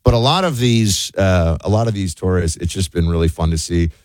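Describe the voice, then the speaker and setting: A middle-aged man from the United States hosting a show, talking in a loose, animated way full of fillers and restarts. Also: low voice, fairly quick, no room sound. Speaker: show host. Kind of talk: casual commentary monologue.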